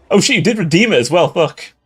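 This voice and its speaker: A man's voice: on the high side, breathy edge. A tipsy man giving casual livestream commentary on a strategy game, swearing often and laughing between remarks. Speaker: game streamer.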